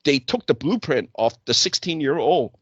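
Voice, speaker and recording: A man's voice: fairly high pitch, animated, moderate pace, fairly bright tone, breathy edge, dry recording. A man hosting a casual talk show, telling stories animatedly and acting out the exchanges he quotes. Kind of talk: casual chat. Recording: dull lo-fi dry sound.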